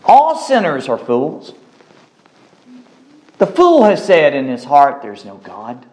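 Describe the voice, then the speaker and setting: Emphatic high-voiced male preacher. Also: huge pitch swings, slow pace, darkish tone. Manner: emphatic, calls for amens, repeats phrases. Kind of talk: sermon.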